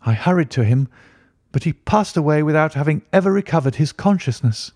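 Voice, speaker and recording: A man reading a classic story aloud in steady, even scripted narration. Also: fairly high pitch, fairly quick, no room sound. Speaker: audiobook narrator.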